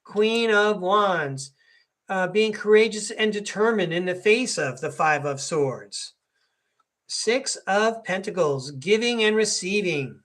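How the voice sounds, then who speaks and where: An American man hosts a podcast and reads tarot cards live, chatty, rambling and folksy, often breaking into laughter. His voice is high, expressive and slow, with a fairly bright tone.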